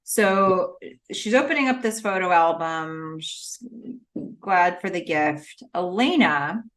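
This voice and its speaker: A woman co-hosting a podcast, chatting casually about a TV episode and acting out the characters' lines in quick bursts. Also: on the low side, animated. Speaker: podcast co-host. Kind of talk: casual TV recap chat.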